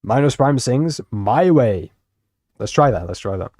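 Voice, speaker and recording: A man's voice: medium pitch, expressive, fairly quick, a little mellow, no echo. A young man casually rambling and swearing while commenting on videos as a streamer. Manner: rambling, swears freely, self-deprecating.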